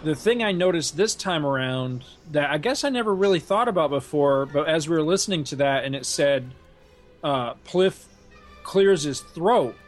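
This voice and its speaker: Guy with a higher voice, animated, casual podcast chat, faint music behind. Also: moderate pace. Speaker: podcast co-host.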